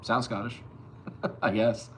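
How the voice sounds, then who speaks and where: A young man from Long Island streaming live as a bass player, loosely reading chat and answering with plenty of swearing. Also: little pitch movement, slow, very noisy. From Long Island, New York. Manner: loose and profane, reads chat aloud and answers.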